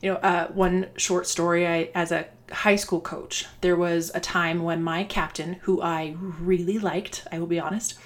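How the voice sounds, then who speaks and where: A woman's voice: on the low side, little pitch movement, unhurried, hardly any pauses. A woman dance coach giving earnest, conversational advice to other coaches. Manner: earnest, conversational, restarts and fillers. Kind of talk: instructional talk to coaches.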